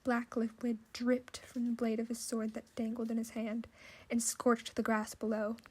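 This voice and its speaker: A woman narrating an audiobook in measured, scripted storytelling. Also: fairly high pitch, completely flat delivery, a little mellow, breathy edge.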